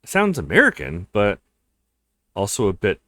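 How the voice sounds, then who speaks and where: A man's voice: on the low side, huge pitch swings, normal speed, sharp tone, dry recording, clean studio sound, pitched below the performer's own voice, heavily acted. A man voicing a friendly young female law student in a visual novel, speaking in a polite, curious way.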